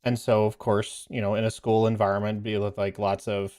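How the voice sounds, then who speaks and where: A man's voice: fairly low pitch, flat delivery, fairly quick, darkish tone. A man and parent chatting casually while playing a game, telling a story in a rambling, filler-heavy way and laughing as he goes. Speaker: gaming streamer and parent.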